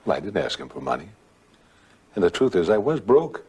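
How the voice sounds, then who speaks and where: An older man telling a ghost story in a rambling, conversational way, with dramatic pauses and acted-out quotes. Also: low-pitched, big pitch swings, darkish tone, husky.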